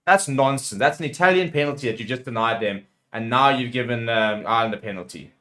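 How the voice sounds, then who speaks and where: A man's voice: medium pitch, fast talker, a bit bright. A man hosting a rugby watchalong, calling the play live and getting heated with the referee. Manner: partisan play-by-play calls. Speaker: watchalong host.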